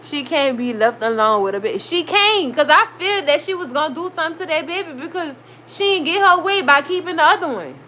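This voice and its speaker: A high, bright-voiced young woman rants through a TV recap from her room at home. She talks in an animated way and swears freely. A faint hiss sits under her voice. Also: brisk, hardly any pauses, low-quality recording. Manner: animated, swearing, heated reactions. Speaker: recap show host. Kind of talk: casual TV recap vlog. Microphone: recorded.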